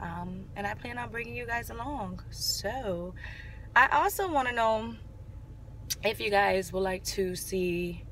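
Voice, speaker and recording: A woman's voice: medium pitch, expressive, a little slow, fairly bright tone, slight background noise. Chatty New woman vlogging outdoors. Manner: chatty, emphatic storytelling. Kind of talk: casual vlog chat. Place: outdoors on a city street. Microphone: handheld phone camera.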